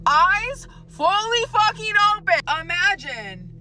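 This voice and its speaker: A woman's voice: very high-pitched, very animated, slow, sharp tone, slight background noise. A woman in her twenties telling a storytime vlog in a chatty, profane way, talking straight to the viewer.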